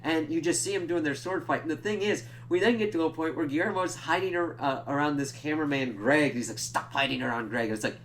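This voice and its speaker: A man's voice: fairly high pitch, fairly bright tone. Guy rambling thru a tv episode recap, swears a lot, does little voices, faint hum in the back. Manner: rambling, profane, jumps into quick impressions of characters. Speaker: TV episode reviewer. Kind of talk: casual spoken recap and review.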